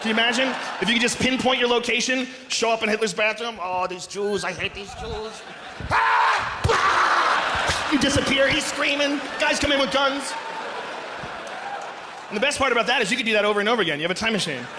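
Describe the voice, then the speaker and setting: High-voiced guy doing loud sweary standup, big echoey hall, lots of noise around. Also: quick pace, crowd noise. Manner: profane, animated, acts out voices, often shouting. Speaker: stand-up comedian. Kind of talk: stand-up comedy set. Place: large live venue with audience. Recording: live stage recording with long hall reverb.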